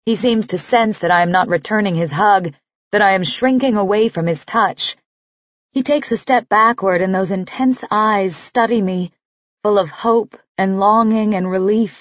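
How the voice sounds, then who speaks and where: Slow, measured woman narrating a romance. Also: medium pitch, no room sound, muffled recording. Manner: slow, measured, intimate reading. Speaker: audiobook narrator. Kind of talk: first-person scripted narration.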